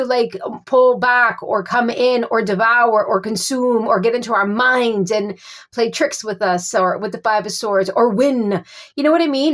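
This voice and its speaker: A woman giving a casual tarot reading. She gropes for words with many fillers and keeps offering calm reassurance. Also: a little high. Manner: reassuring, repeats soothing phrases. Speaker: tarot reader.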